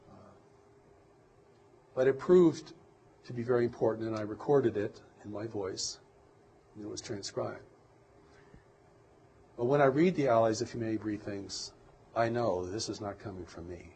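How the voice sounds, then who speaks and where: Male interview guest, low voice, slow and reflective delivery, faint noise floor. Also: a little mellow, poor audio. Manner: measured, reflective, halting. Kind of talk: earnest interview conversation.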